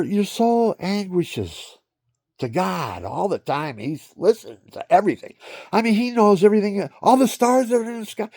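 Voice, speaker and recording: A vlogger in his seventies rambles through a personal monologue to his viewers, laughing often, throwing in barking asides, and breaking into silly sound effects. His voice is high and creaky, captured in a dry, clean studio recording.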